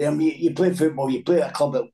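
A man's voice: on the high side, fairly even intonation, fast, mellow, low-quality recording. A Scottish man in his sixties, a former footballer telling anecdotes in a casual chat, laughing often and repeating words. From Scotland.

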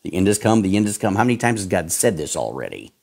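A male pastor delivers a fiery sermon, his voice swinging widely from low, grumbling asides to high, strained shouts. His pitch is very lively, and his folksy slang keeps him sounding blunt and direct. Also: fast, creaky. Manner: folksy slang, calls listeners pal and folks.

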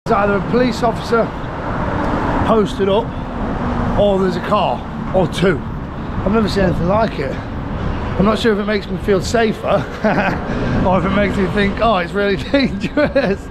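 High-voiced chatty British man, street noise. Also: measured pace, pauses often. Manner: chatty, laughing, rambling. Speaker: travel vlogger. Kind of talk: casual vlog narration. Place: busy city street outdoors. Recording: loud street traffic behind.

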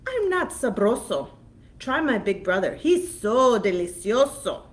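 A woman voicing a tiny, timid billy goat who pleads in a shaky, very high voice for a storybook reading. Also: big pitch swings, a little slow. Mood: pleading.

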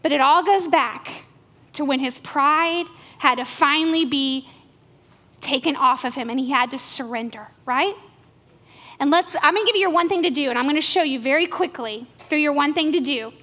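High-voiced woman pastor preaching in a hall. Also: normal speed. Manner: animated storytelling, acting out inner voices. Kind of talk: sermon. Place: church sanctuary. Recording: church hall reverb with soft music.

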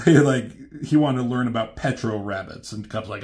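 A man's voice: fairly low pitch, normal speed. Rambling man retelling a comic. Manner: rambling, many fillers, swears. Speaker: reviewer.

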